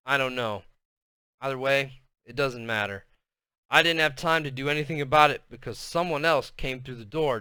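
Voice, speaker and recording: A man's voice: mid-range voice, bright, forceful tone, clear, resonant tone, no echo. A man reading a children's novel aloud, with casual asides between chapters. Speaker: reader.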